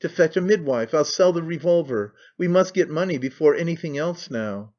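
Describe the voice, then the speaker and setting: A man's voice: on the high side, expressive, normal speed, darkish tone, lightly acted. A man reading aloud who voices an anxious, devoted young man, flustered and pleading, in a dull lo-fi recording. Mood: pleading, alarmed.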